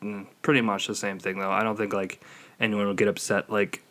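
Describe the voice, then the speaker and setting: A man's voice: lowish voice, level tone, a little fast, sharp tone. A man in his twenties co-hosting a podcast, chatting casually, swearing freely and mocking other people's speech. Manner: swears freely, mocks accents in put-on voices. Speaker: podcast co-host. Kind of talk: casual chat.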